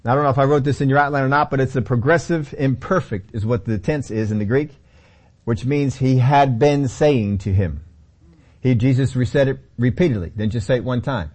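A man's voice: medium pitch, fairly quick, darkish tone. A man teaching a Bible study sermon in a conversational way, often repeating key phrases.

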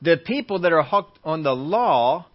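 A man's voice: fairly high pitch, expressive, a little slow. Man preaching a sermon, lo-fi sound. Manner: acts out everyday scenes, repeats points for emphasis. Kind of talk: sermon with Bible teaching. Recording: muffled lo-fi recording.

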